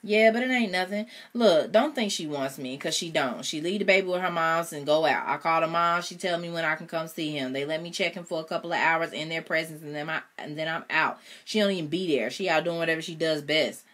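A woman's voice: deep voice, a little fast, hardly any pauses, fairly bright tone. A woman voicing a charming young man, coaxing and using street slang. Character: smooth-talking young man, charming boyfriend.

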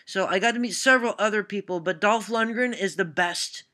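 A woman from Canada, speaking fairly quickly in a mid-range, fairly bright voice, tells anecdotes while answering viewer questions on her vlog. The storytelling is casual and rambling, with plenty of "uh"s and self-deprecating humor.

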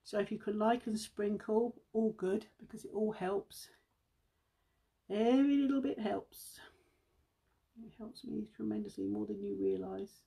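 Chatty British woman with a gravelly voice. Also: mid-range voice, a little slow, mellow. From United Kingdom. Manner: chatty, addresses viewers as guys, hums to herself. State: slightly out of breath. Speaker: beauty seller livestreaming. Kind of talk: casual live-stream chat.

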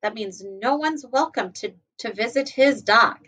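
A woman kindergarten teacher reading a picture book aloud to children, gently stopping to explain words. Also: on the high side, measured pace, low-quality recording.

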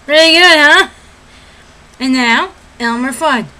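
A woman's voice: high voice, slow pace, pushed and bright, a little hiss or hum, poor audio. A woman chatting casually between impressions, giggly and self-deprecating. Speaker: vlogger doing impressions. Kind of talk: casual chat.

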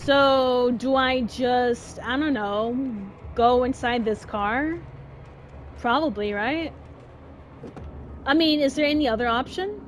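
Woman gaming host, high voice, unhurried, chatty and exasperated, noisy game sound behind. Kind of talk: casual let's-play commentary.

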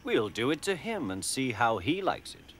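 A man's voice: mid-range voice, sing-song, moderate pace, a bit bright. Man voicing haughty, resentful big engines. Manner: hissing, resentful. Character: haughty grumbling male steam engines. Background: music.

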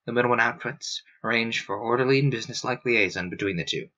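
A stern, grim manager speaks in a flat, guarded deadpan, as a man reading aloud puts him on. The tone is clear and bright but gives nothing away. The recording is dull and lo-fi. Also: medium pitch, fast, lightly acted. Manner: deadpan, clipped.

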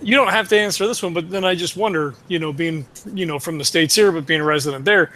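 A man hosting an interview, asking questions in a relaxed, curious way. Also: on the high side, quick pace. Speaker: podcast interviewer. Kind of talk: casual interview chat.

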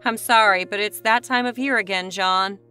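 Woman voicing a male college dean, kind but burdened, friendly and reassuring, storybook read, bright voice. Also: medium pitch, moderate pace, faint music behind, lightly acted. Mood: somber. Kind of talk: storybook reading.

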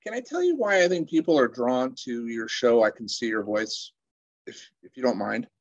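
A man's voice: medium pitch, expressive, normal speed, no echo, highs cut off. A man interviewing a guest, keen and praising, who stammers and repeats his words as he asks questions. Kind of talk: casual interview talk.

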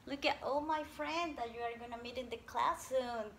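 A woman teaching a preschool class by video, talking slowly and cheerfully in a sing-song way to small children. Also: high voice, fairly bright tone, slight background noise.

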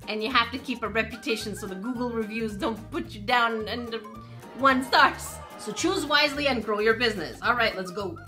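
Bright-voiced woman streaming a mobile game. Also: fairly high pitch. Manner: playful, reads game text aloud and reacts. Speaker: gaming streamer. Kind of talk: casual let's-play commentary.

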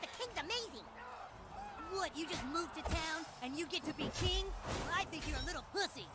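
Actors voicing bratty cartoon boys playing at medieval knights in a game, shouty and boastful. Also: male voice, extremely high pitch, expressive, normal speed. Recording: loud game music behind.

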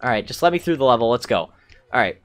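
An animated young man talks his way through a game in casual let's-play commentary. He chats to the characters and cries out when he slips up. Soft game music plays under his voice. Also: mid-range voice, quick pace. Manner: excitable, talks to the game characters, hums along, mild cursing. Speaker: gameplay commentator.

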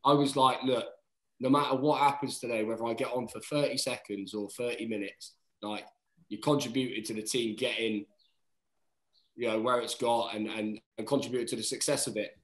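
A man in his thirties tells stories in casual podcast chat. He is animated, swears freely and calls everyone "mate." His voice sits at an ordinary pitch, and the room around him is noticeably roomy. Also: moderate pace. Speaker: guest, rugby player. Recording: roomy echo.

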